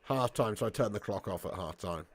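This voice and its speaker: A man's voice: lowish voice, lively intonation, brisk. Chatty British man on a live stream. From Britain. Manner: chatty, laughs often, calls viewers mate and lad. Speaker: football watch-along streamer. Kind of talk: live stream chat, reading viewer comments.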